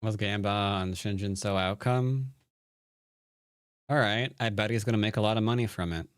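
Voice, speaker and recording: A man who teaches Go, chatting casually on a live stream, playful and jokey with quick restarts, sounding tired from little sleep. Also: on the low side, dry recording, studio quality. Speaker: Go player and teacher streaming a game. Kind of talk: casual live-stream commentary answering chat.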